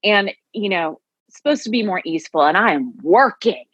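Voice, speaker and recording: A woman's voice: medium pitch, lively intonation, brisk, fairly bright tone, slightly rough, no echo, dull audio. A woman who teaches yoga and Pilates, telling her story earnestly as a podcast guest. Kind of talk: conversational podcast interview.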